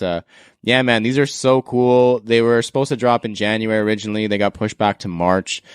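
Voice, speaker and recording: Canadian guy, podcast host, lowish voice, loose and laughing, dry close mic. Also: clear, resonant tone, dry recording. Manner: relaxed, laughs often, enthusiastic about sneakers. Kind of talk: casual podcast chat.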